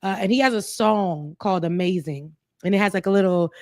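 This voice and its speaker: A woman's voice: mid-range voice, a little fast, no echo, clean studio sound. A woman co-hosting a casual talk show, speaking earnestly and reflectively, rambling a little as she thinks aloud. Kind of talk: casual chat.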